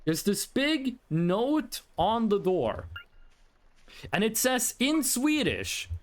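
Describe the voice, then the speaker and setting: High, lively male streamer from Norway. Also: slow pace, a little hiss or hum. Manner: animated, rambling, answers chat mid-story. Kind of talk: casual storytelling to live chat.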